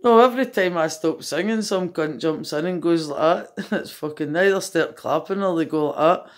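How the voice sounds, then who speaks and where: A woman's voice: sits low, moderate pace. Sweary Scottish woman singing karaoke. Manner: sweary, blunt, self-mocking. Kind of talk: karaoke singing at home with chat. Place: home, sitting on a couch. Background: karaoke backing music.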